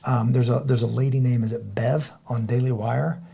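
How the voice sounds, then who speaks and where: A middle-aged man chats casually as a podcast host. His voice is gravelly, husky and mellow. He rambles in halting bursts, with many restarts and fillers. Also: mid-range voice, fairly even intonation. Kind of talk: casual chat.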